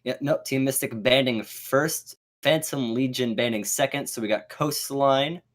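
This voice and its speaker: Joking dude co-casting esports, mid pitch, rambly with lots of likes. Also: male voice, unhurried. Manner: playful and joking, rambling with fillers. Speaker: esports co-caster. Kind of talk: live esports commentary.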